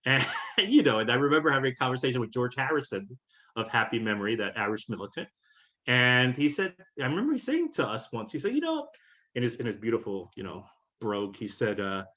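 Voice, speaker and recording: A man's voice: mid-range voice, animated, fast talker, a bit bright. A man from Puerto Rico, speaking as a guest on a webinar, reflective and conversational, often checking in with "right?". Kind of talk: webinar talk. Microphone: video call.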